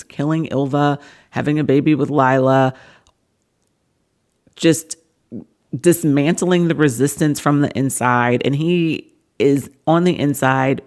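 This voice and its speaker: A woman's voice: rumbling low, a little mellow. A woman hosting a casual book breakdown vlog, earnestly retelling the plot at length. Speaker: book reviewer.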